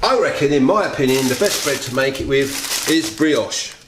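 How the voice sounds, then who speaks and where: A man's voice: medium pitch, expressive, normal speed, noisy background. A chatty man hosts a casual home cooking demonstration and talks straight to his viewers. His talk wanders as he cooks. His voice rings around a kitchen full of echo, with pans and cutlery clattering behind him. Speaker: home cooking video host.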